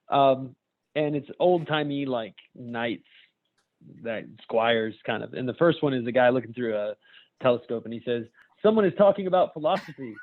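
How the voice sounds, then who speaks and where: A man's voice: mid-range voice, dry recording. A man co-hosting a comedy podcast cracks jokes and swears without a care, laughing along. His voice comes through thin and narrow, as if over a phone line. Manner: swears freely, laughs while telling jokes. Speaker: podcast co-host. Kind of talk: casual comedy podcast chat.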